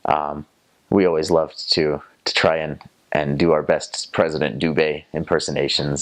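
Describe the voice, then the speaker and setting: Young man, Southern American accent, low voice, chatty storytelling, playful with accents. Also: little pitch movement, normal speed. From North Carolina, USA. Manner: chatty, often slips into playful imitations of accents. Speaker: returned missionary. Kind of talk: casual storytelling.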